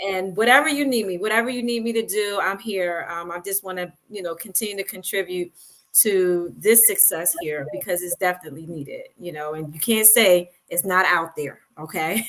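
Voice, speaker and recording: A woman's voice: lowish voice, fairly bright tone. A woman guest panelist who talks in an effusive, thankful way. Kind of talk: casual chat.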